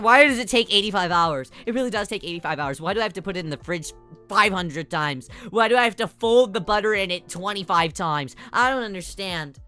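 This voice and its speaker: A woman streamer, her voice lowish, bright, and forceful, rambles through casual live-stream chat. Giggles punctuate her thoughts, and she plays with mock voices.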